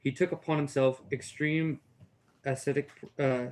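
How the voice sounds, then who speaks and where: A man with a Texas accent, a student reading a text aloud in class, steady with small stumbles. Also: mid-range voice, normal speed, slight background noise, poor audio.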